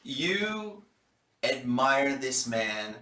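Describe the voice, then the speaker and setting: A man's voice: mid-range voice, sing-song, very slow, pushed and bright. A man narrating as dungeon master, describing scenes with some fillers. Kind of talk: narrating a tabletop game. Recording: roomy room sound.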